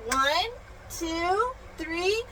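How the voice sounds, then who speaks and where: A young mother plays with her child at home, her voice very high and her delivery slow and drawn out. She gasps and does animal sounds in a playful singsong. Her phone picks up a steady hiss of background noise. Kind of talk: home video, playful teaching. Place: home room. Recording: noisy home phone recording.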